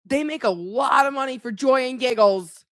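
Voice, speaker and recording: A woman's voice: high voice, normal speed, no room sound. A woman co-hosting a podcast in casual chat, ranting and swearing with mock outrage. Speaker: podcast co-host.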